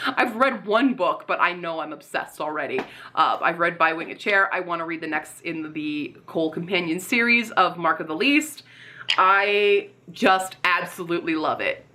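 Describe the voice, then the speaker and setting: A woman chatting casually in a Q&A vlog, bubbly and rambling, restarting her sentences as she thinks. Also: fairly low pitch. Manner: talks softly and coos to her pets. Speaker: booktube author and vlogger.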